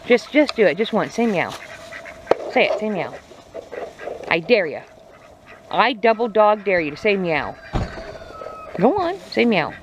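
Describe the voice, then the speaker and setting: Chickens cluck and roosters crow as a woman chats casually outside on her poultry farm, playfully teasing her animals in baby talk. A farm vlogger, she has a voice on the high side with big pitch swings, a measured pace, and long pauses, in noisy outdoor audio.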